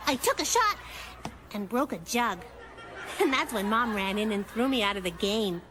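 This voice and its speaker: A woman's voice: high voice, background noise. A woman voicing a chatty, cheeky young cartoon girl who tells playful stories with giggles. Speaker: narrator character. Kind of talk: cartoon monologue to the audience.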